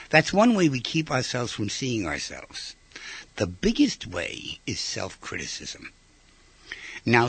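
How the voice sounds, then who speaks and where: Man, informal lecture, lively pitch, dry close sound, rhetorical questions. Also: husky, no echo. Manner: conversational, asks the audience rhetorical questions; acts out short quoted voices. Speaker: speaker giving a talk.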